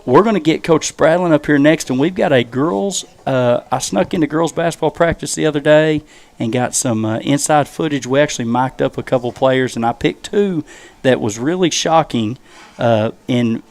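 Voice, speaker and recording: A man's voice: a little high, normal speed, a little mellow. A man hosting a school sports preview show, joking and rambling with plenty of fillers. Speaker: show host. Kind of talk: casual chat.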